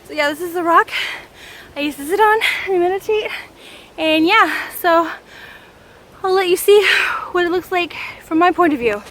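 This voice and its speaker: Her voice is very high-pitched and fairly bright, moving at a moderate pace. She's a Canadian woman vlogging casually on a hike through the woods, out of breath and rambling with many fillers, with faint outdoor noise audible.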